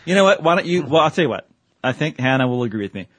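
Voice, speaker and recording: A man co-hosting a podcast in loose, joking chatter. His voice is husky and sits a little high, and his pitch swings widely as he teases and rambles. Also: sing-song, very fast, dry recording. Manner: teasing, rambling, frequent fillers. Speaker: podcast co-host. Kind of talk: casual chat.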